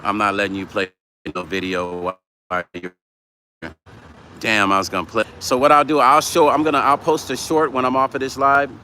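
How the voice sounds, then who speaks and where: A man's voice: medium pitch, bright, forceful tone, slight background noise. A man chatting casually on a livestream, reading viewer comments aloud and talking bluntly with plenty of swearing. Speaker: vlogger hosting a livestream.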